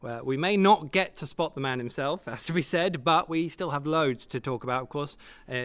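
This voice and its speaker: Host: jokey male football presenter, higher register, fast banter. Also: a bit bright. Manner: chatty, jokey and quick. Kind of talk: live football show presenting. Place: stadium function room.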